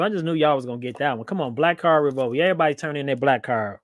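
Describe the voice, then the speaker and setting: Chatting casually on a livestream, a man with a voice on the high side talks fairly quickly. He's playful, laughs frequently, and reads viewer comments out loud, and the studio-quality recording has no room sound.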